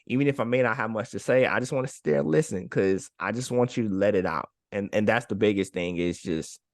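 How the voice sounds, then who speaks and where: A man's voice: lowish voice, dry recording, clean studio sound. A man co-hosting a podcast, speaking in an encouraging way and repeating phrases for emphasis. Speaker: podcast co-host. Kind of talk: casual heartfelt chat.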